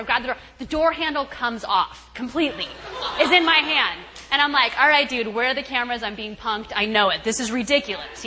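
Lively young woman telling a story. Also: a little high, a little hiss or hum. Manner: animated, acts out her own thoughts with shouts and laughs. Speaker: guest speaker at a retreat. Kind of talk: storytelling talk. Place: camp meeting hall. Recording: long hall reverb, faint ambience.

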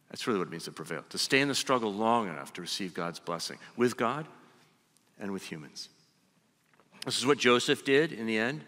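A man preaching a sermon, emphatic and deliberate, slowing down to stress his key phrases. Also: medium pitch, bright, forceful tone. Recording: long hall reverb.

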